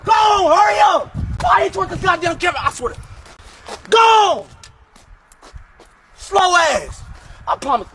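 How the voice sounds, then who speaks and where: A man playing a bossy talk-show producer who yells profane, hurried orders at his cameramen. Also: extremely high pitch, level tone. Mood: yelling orders. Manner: shouting, profane, hurried commands. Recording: echoey hall with crowd and noise.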